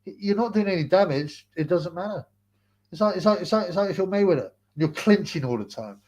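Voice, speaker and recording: A man's lively, rather high voice comes through a little fast, with a darkish tone, as he runs his livestream. Reading viewer comments aloud, he rambles, repeats words, and keeps laughing as he answers.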